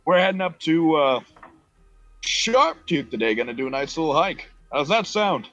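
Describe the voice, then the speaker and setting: A man's voice: a little high, big pitch swings, normal speed, fairly bright tone, no room sound, dull audio, faint music behind. A man voicing a chatty, friendly middle-aged park ranger in a tabletop game. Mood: cheerful. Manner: easygoing, chatty.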